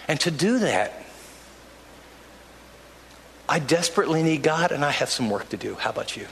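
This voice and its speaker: An older male pastor delivers a sermon with a somewhat high voice, speaking earnestly and conversationally, often stopping to restart a thought. His words ring out with a long hall reverb over faint room ambience. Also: animated, moderate pace, long pauses, a bit bright, a little hiss or hum. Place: church sanctuary.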